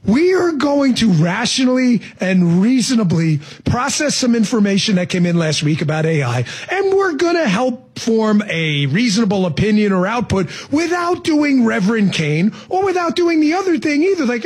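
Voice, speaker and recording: Animated, husky-voiced male talk host. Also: very high-pitched. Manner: sarcastic, storytelling, quick asides. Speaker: radio talk show host. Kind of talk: animated radio monologue.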